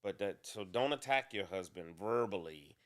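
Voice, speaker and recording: A man with a fairly low voice talks through relationship questions at an easy, considered pace. He doubles back and restarts now and then, like someone working his thoughts out aloud. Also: lively intonation. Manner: deliberate, measured, with restarts. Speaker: co-host. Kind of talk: casual relationship talk.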